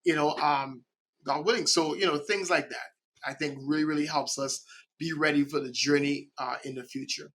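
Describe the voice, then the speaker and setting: A middle-aged man from the Caribbean, a podcast guest speaking in an animated way and often checking in with "right?". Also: a little high, normal speed. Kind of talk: conversational interview.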